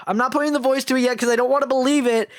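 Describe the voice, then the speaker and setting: A woman streamer reacting live to a game with loud, profane outbursts. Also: sits high, fairly even intonation, fast talker. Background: game music.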